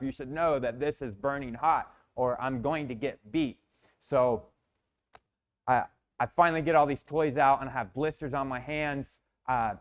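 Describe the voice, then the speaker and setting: A man in a motivational talk telling a personal story intensely, often repeating words and restarting, with some swearing. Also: mid-range voice. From Florida, USA. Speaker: motivational speaker.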